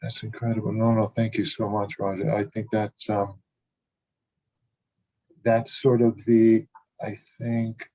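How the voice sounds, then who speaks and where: A polite man interviews a guest over a video call, pausing often with fillers. His voice is low and slightly husky, and the call audio is dull and muffled. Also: little pitch movement, darkish tone. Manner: hesitant, polite, many fillers. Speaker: student representative. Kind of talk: interviewer, casual.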